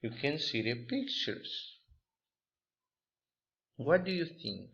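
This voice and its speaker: A male teacher with a lively, bright voice. He speaks slowly and patiently, encouraging young learners. The recording sounds dull and lo-fi. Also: medium pitch, vocal fry. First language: Spanish. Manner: patient, encouraging, hesitant phrasing. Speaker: English teacher. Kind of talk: classroom lesson, reading a story aloud.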